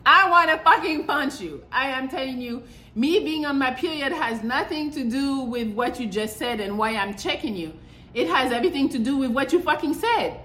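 A woman's voice: sits high, lively intonation, moderate pace, fairly bright tone. Blunt, profane woman podcaster, echoey room. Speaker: podcast host. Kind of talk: casual monologue. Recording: echoey room with faint ambience.

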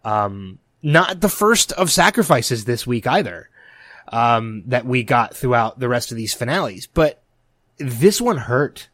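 A man's voice: medium pitch, lively intonation, measured pace, a bit bright, dry recording, studio quality. A man co-hosting a casual podcast, talking emotionally and rambling with frequent restarts. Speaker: podcast co-host. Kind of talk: casual chat.

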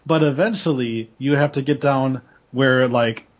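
A man's voice: mid-range voice, measured pace, muffled recording. A man co-hosting a casual wrestling podcast, joking and crude, often laughing. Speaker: podcast co-host.

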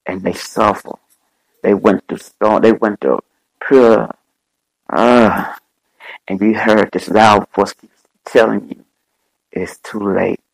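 A man preaching a fervent sermon as bishop and podcast host, repeating his phrases in slow, drawn-out, dramatic delivery. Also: lowish voice, creaky, no echo, rough recording.

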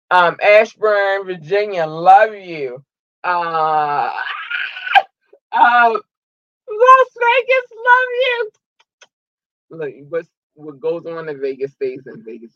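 A man from Maryland hosting a livestream, giving casual, effusive shout-outs to his listeners and often breaking into excited shouts. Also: high voice, no echo, highs cut off. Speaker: livestream host.

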